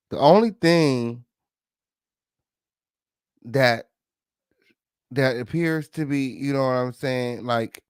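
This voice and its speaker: A man's voice: medium pitch, no room sound, clean studio sound. A man hosting a gossip show, reacting to a clip with profane, mocking commentary. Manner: profane, mocking, loud laughs.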